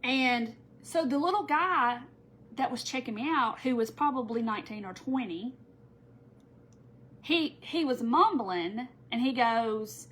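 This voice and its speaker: A woman's voice: fairly high pitch, unhurried. A middle-aged woman, rambling through a story to viewers while working on a live craft tutorial. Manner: rambling, animated, addresses viewers as y'all.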